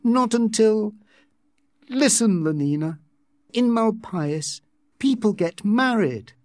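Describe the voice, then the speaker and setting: A man's voice: sits high, expressive, takes it slowly, darkish tone, no room sound, clean studio sound, pitched above the performer's own voice. A man voicing an intense, idealistic young man, earnest and impassioned, in a read-aloud story.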